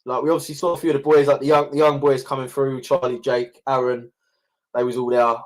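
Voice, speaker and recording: A man's voice: mid-range voice, level tone, fast talker. A young man hosting a casual podcast, chatty, swearing and laughing often. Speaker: podcast host. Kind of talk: casual chat.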